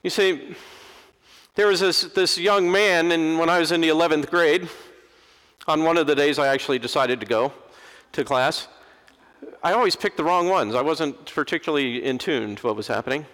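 A middle-aged preacher delivers a lively sermon, pitched a little higher than most men. He acts out the people he quotes. His voice carries a long reverb from a large church. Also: normal speed. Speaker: Episcopal preacher.

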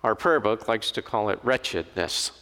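A man's voice: lowish voice, moderate pace. Man preaching in a reverberant church. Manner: conversational, animated storytelling. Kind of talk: sermon. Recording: long hall reverb.

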